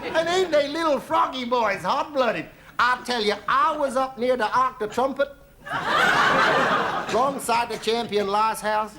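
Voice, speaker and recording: A man's voice: extremely high pitch, measured pace, crowd noise, voice pushed up. Man putting on a drawling hick American traveller. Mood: cheeky. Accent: put-on American Southern drawl. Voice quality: folksy drawl with "ooh-wee" whoops. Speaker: comedian in character. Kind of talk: 1970s TV stand-up monologue in character. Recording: 1970s TV studio with audience noise.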